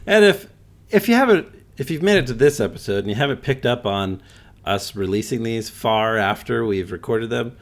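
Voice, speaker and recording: A man co-hosting a casual podcast, talking in halting restarts with many fillers. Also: lowish voice. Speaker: podcast co-host. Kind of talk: casual chat.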